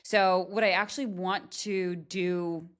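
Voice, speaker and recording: A woman hosting a podcast interview, energetic and chatty, often tagging her points with "right?". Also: lowish voice, takes it slowly. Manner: energetic, frequent "right?" tags, laughs often. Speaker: podcast host.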